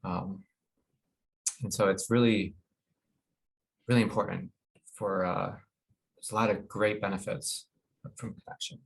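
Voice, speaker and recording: A man presenting a wellness webinar in an informal, halting way, with many fillers and restarts. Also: low voice, fairly even intonation, vocal fry, low-quality recording. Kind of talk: informal educational talk.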